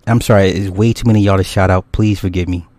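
Low-voiced man chatting on a livestream. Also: fairly even intonation, fast, a little mellow, no echo. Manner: loose, rambling and profane, with frequent laughs. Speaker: YouTube host. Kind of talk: casual livestream chat, reading comments.

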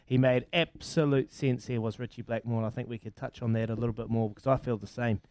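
A man's voice: medium pitch, steady tone, quick pace, a little mellow. A man hosting breakfast radio, wrapping up a story and announcing what's next. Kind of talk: radio host chat.

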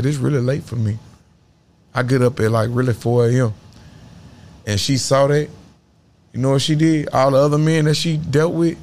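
A man's voice: mid-range voice, vocal fry, a little mellow, a little hiss or hum. A man in his thirties, a guest in a casual interview, talking in a blunt, preachy and self-assured way. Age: 30s.

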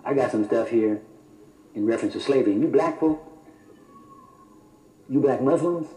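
A man preaching a sermon, quoting scripture slowly and adding mock-approving remarks. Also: medium pitch, warm tone. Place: church. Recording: roomy church hall, faint noise.

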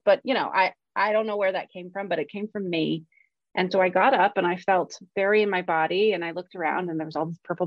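A woman's voice: lowish voice, dry recording. A woman screenwriter talking candidly in conversation, frank and self-deprecating, swearing freely. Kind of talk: candid personal storytelling in conversation. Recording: dull, dry lo-fi recording.

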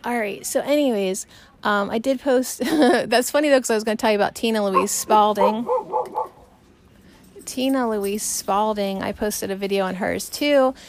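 A woman's voice: mid-range voice, moderate pace, noisy background. A woman hosting a podcast, talking casually and rambling, laughing often. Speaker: podcast host. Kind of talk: casual solo chat. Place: outdoors on a porch.

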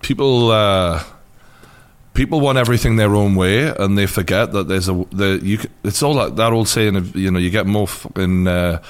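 Geordie host, low-pitched man, laid-back and profane, asks short questions. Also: moderate pace, clear, resonant tone. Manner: relaxed, swears casually, short backchannel replies. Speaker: interview host. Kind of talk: casual interview chat.

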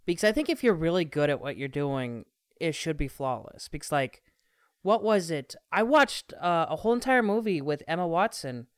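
Smooth, higher-voiced man in dry close sound. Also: expressive, normal speed, no room sound. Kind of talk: casual movie chat.

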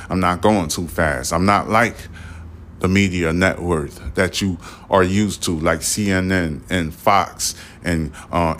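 Low-pitched and a bit bright, this man's voice carries a slight slur. He's a podcast host from Brooklyn, New York, doing spoken news commentary in a repetitive, emphatic style full of rhetorical questions.

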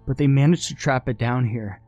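A man's voice: medium pitch, fairly quick, darkish tone, no echo, dull audio, faint music behind, pitched above the performer's own voice, natural voice. A man voicing a distraught young woman trapped in a cellar, speaking angrily and intensely. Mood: ominous. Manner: angry, intense, near-spitting.

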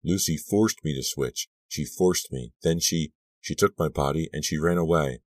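A sly teenage girl in a storybook, as a man reading aloud puts her on, speaks softly and coldly, barely above a hush. He keeps his own very deep voice. It is recorded close and dry. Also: moderate pace, dry recording. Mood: pleading. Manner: soft, quiet and cold.

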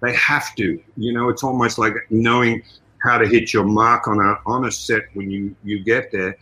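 Australian man, bright forceful voice, chatty podcast guest full of asides. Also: on the low side, normal speed, rough recording. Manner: animated storytelling with many "you know" asides. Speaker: guest, martial arts trainer and fight coordinator. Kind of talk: casual interview talk.

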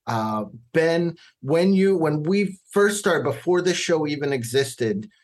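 A man's voice: fairly high pitch, animated, takes it slowly. Enthusiastic male podcast host. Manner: enthusiastic, rambling introduction with fillers. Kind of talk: casual podcast chat.

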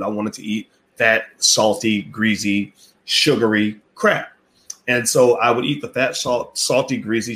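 A man's voice: on the low side, fairly bright tone. A man giving a blunt, profane opinion rant as a finance commentator, repeating himself and daring the listener to prove him wrong. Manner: repetitive, rhetorical, challenges the listener. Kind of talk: direct-to-camera opinion rant.

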